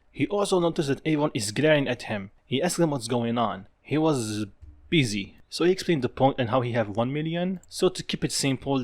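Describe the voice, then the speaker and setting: A man narrating a fan story in a casual, offhand way. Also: medium pitch. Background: background music.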